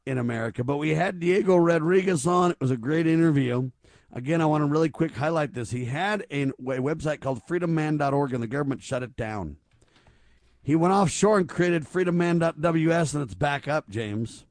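Rhetorical, fry-voiced talk radio host. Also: male voice, fairly high pitch, moderate pace, darkish tone, dry recording. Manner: emphatic, repetitive rhetorical questions. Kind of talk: conservative talk radio commentary.

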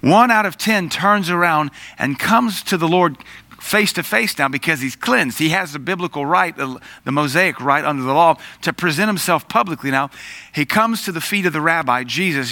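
A middle-aged man teaching the Bible in an animated sermon, acting out voices in the story. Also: a little high, no room sound.

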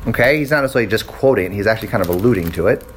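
A middle-aged man casually teaching a Bible study, animated and acting out quoted voices. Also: on the low side, racing, background noise.

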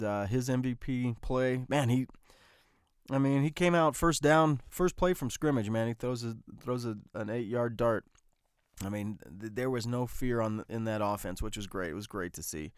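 A man's voice: lowish voice, a little mellow, clear, resonant tone, no echo, clean studio sound. A man hosting a solo podcast, talking casually and rambling, with many fillers and restarts. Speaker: podcast host.

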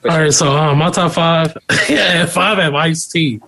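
A laid-back man in a casual podcast chat, easygoing and quick to agree. His voice sits a bit higher than most men's. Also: pushed and bright. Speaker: podcast co-host.

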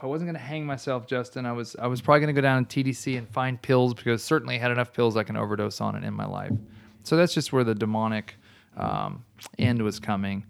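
A man telling his personal testimony in a casual talk, an animated storyteller who restarts often and laughs along the way. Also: mid-range voice, fast talker, creaky, clear, resonant tone.

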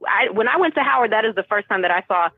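A woman's voice: medium pitch, lively intonation, fast talker, slightly rough, dry recording. A woman from Boston who works as a teacher, talking in an emphatic, chatty way with lots of restarts. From Boston, United States. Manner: talkative, emphatic, frequent restarts. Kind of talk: casual conversation. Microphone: call audio. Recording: tinny phone line.

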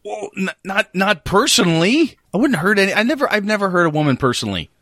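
A man's voice: sits high, big pitch swings, fast talker, a bit bright, no echo, clean studio sound, voice pushed up, full character voice. A man voicing a male crime boss who pleads and flusters in front of his mother. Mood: flustered.

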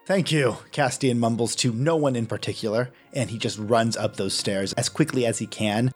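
A man's voice: mid-range voice, fairly even intonation, faint music behind. Man narrating his game character. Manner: unhurried storytelling narration. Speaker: player.

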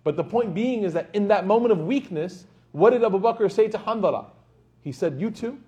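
A man giving a sermon to a live audience in a lecture hall, in an animated storytelling manner, acting out the quoted voices. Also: high-pitched, brisk, highs cut off. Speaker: Islamic lecturer.

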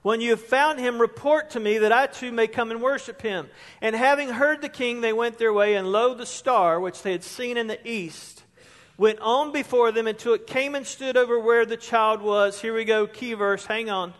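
High-voiced male pastor, emphatic sermon delivery, long church-hall reverb. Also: normal speed, fairly bright tone. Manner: emphatic, rising to stress key words. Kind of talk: sermon with scripture reading. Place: church sanctuary.

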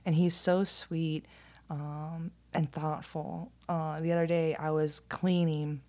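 A woman with a deep, low-pitched voice talking in a loose, casual monologue. She is candid and blunt, swears freely and laughs often. Now and then she sinks to a near whisper. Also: flat delivery, slow, mellow.

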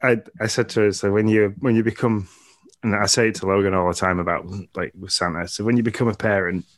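Low male voice, easygoing and self-mocking, dry close sound. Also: steady tone, quick pace, no echo. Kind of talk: casual chat.

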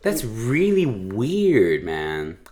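A male podcast co-host with a lowish voice and lively, swooping pitch. He jokes around playfully and swears as he chats about comics. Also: very slow. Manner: joking, playful, profane. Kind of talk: casual comic book chat.

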